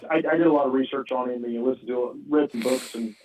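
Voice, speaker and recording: A man co-hosting casual sports talk, excitable, with a lot of "dude" and "I mean". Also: medium pitch, fast, a little hiss or hum. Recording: distant tinny phone-like line.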